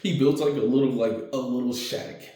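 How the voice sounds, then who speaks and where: A man's voice: mid-range voice, steady tone, moderate pace, dark tone, roomy sound. A man telling a homemade fan story casually, rambling with slang and fillers.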